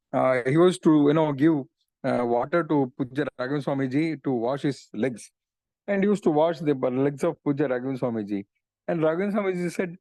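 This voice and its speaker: A man's voice: mid-range voice, warm tone, no echo. A middle-aged man, earnestly retelling devotional stories in a talk and often saying "you know". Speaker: speaker on religious philosophy.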